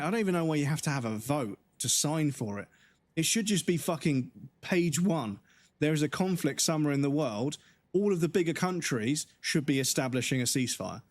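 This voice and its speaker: Hoarse, swearing man ranting. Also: a little high, expressive. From United Kingdom. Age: 40s. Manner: angry, swearing, halting restarts. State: voice going hoarse. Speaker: livestream gamer. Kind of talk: casual livestream rant.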